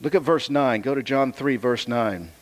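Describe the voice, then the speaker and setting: A man's voice: medium pitch, moderate pace. A man preaching a sermon. He reads scripture and explains it in a conversational way, repeating phrases for emphasis. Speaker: pastor.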